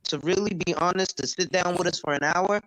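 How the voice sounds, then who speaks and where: A man's voice: high voice, a little fast, a bit bright, no echo, poor audio. A man who sells insurance, talking casually on an open panel and acting out conversations he has had. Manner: storytelling, acts out quoted conversations. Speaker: insurance agent and panel speaker.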